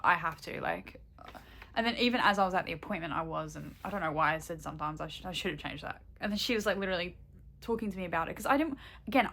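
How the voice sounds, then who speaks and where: A woman's voice: fairly low pitch, a bit bright. A young woman vlogging in casual chat, candid and rambling, swearing freely and laughing often.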